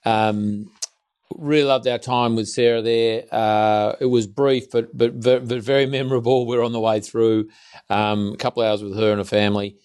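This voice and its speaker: A man with an Australian accent hosting a podcast, chatting casually in a home office, often restarting sentences and clearing his throat. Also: lowish voice, steady tone, moderate pace, darkish tone. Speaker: podcast host. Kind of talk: casual interview chat. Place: indoor multi-purpose room in a home.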